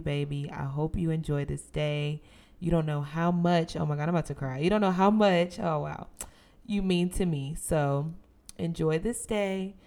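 A young woman hosting her own podcast in casual, expressive, sisterly talk. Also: on the low side. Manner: expressive, playful, sisterly and emphatic. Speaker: podcast host.

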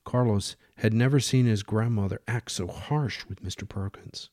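A man narrating a dramatic story in steady, plain reading. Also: lowish voice, normal speed, few pauses, no echo, studio quality.

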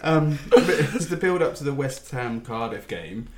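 A man co-hosting a casual football podcast, chatty and quick to laugh. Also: medium pitch, lively intonation, background noise. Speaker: podcast co-host. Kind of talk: casual chat. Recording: roomy echo.

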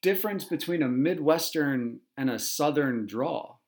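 A man hosting a casual interview, asking curious, animated questions. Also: fairly high pitch, measured pace. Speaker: interviewer host.

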